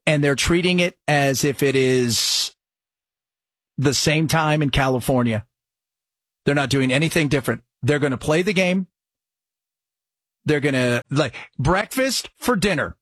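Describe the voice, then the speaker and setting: A male radio host with a fairly high, husky voice, talking in a casual and excitable way. The sound is dry and close, with no room around it. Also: no echo. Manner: excitable, animated delivery. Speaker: radio talk show host.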